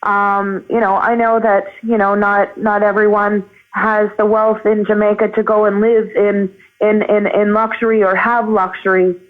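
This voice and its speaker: A woman calling in as a guest, a farm owner, speaking earnestly and haltingly with many fillers. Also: medium pitch, level tone. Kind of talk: phone call on a livestream. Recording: tinny phone line.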